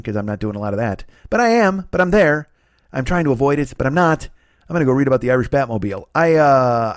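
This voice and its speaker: A man's voice: medium pitch, no echo. Middle-aged male podcast comic, profane stammering ranter, dry close mic. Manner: ranting, stammering restarts, sarcastic. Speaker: comedy podcast host. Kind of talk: profane comedic rant.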